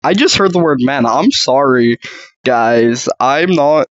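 A podcast co-host in chaotic casual chat with friends, goofy and loud, repeating words to annoy everyone. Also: medium pitch, expressive, slow pace, muffled recording.

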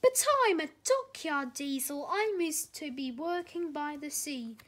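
A woman's voice: high voice, lively intonation, measured pace. A woman voicing a cheerful male diesel engine who loves the sea, in a storybook read-aloud, with slips and restarts.

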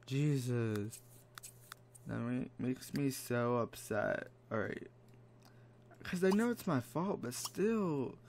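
A man's voice: medium pitch, slight background noise. A man giving casual commentary while playing a life-sim game, exasperated and dramatic, mock-scolding the characters. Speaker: let's play gamer. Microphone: desk microphone.

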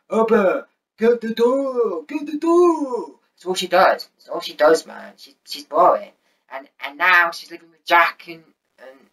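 A man's voice: mid-range voice, sharp tone, far from the mic, low-quality recording. A man ranting angrily about a TV show on his vlog, swearing a lot and repeating himself. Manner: angry, profane, repetitive. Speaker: vlogger. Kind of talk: angry TV rant.

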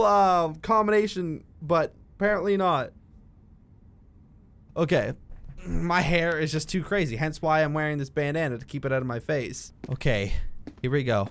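Recording let's-play commentary, this young man jokes around, mutters to himself, and yelps and shouts at the game as a gaming video creator. His slightly high voice is expressive and unhurried, with long pauses and slight background noise.

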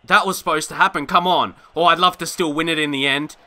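A young man commentating his own football video game, excitable and quick to rant in frustration. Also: on the high side. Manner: excitable, swings into frustrated shouting and rants. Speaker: gaming YouTuber. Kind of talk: live gameplay commentary.

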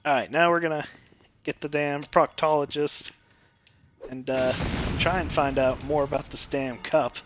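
A man's voice: on the high side, steady tone, a little slow, noisy background. A man streaming a game, giving crude, joking commentary full of swearing. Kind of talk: comedic gameplay commentary.

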